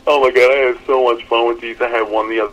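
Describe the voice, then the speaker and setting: A man chatting on a podcast with an ordinary middle pitch. He tells his stories with gusto and keeps breaking into laughter at his own jokes. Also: fast, lo-fi sound. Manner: animated, laughing storyteller. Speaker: podcast co-host. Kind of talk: casual chat.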